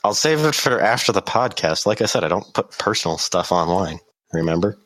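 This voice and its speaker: Low-voiced teen guy, casual and blunt. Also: expressive, a little fast, a bit bright. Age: teens. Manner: blunt, jokey, swears casually. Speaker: podcast guest. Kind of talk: casual chat.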